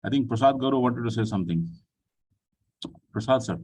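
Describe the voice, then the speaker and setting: Soft-spoken man hosting an online talk. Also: medium pitch, lively intonation, husky, far from the mic, low-quality recording. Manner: polite, addresses people with "ji" and "sir"; pauses with frequent fillers. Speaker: session host. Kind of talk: online group discussion.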